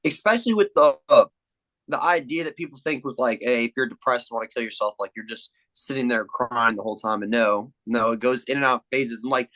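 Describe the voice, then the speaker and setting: On a low-quality recording, a young male podcast guest chats casually at a fairly quick clip in a mid-range voice. He's animated when recounting movie scenes, performing the quotes and cursing frequently.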